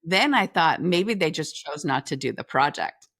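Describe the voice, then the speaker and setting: Lively storytelling woman, lowish voice. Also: normal speed, no echo, studio quality. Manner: lively storyteller who acts out the dialogue; talks through restarts and filler phrases. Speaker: podcast guest, leadership coach. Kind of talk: personal anecdote in an interview.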